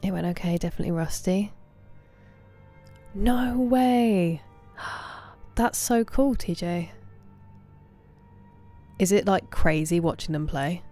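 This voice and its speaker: A woman, casually chatting with viewers on a game stream, thanking them by name and sometimes dropping to soft murmurs. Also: fairly low pitch, takes it slowly, long pauses, faint music behind. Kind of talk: casual livestream chat.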